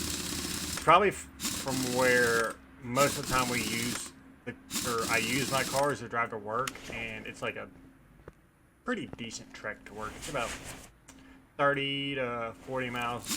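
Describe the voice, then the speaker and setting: A man casually commenting while playing a game, relaxed and rambling with playful asides. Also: medium pitch, noisy background. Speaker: gaming video host.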